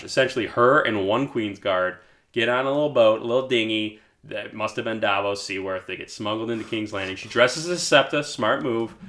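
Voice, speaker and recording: Joking low-voiced man co-hosting a podcast. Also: a bit bright. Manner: joking, acts out characters' lines in quick asides. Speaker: podcast co-host. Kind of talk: casual chat recapping a TV episode.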